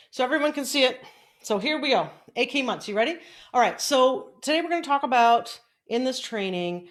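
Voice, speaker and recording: A middle-aged woman coaching online business on a casual live stream, chatty and upbeat while fiddling with her setup at home. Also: medium pitch. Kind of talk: casual Facebook Live training. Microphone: desk mic, moved around during the stream.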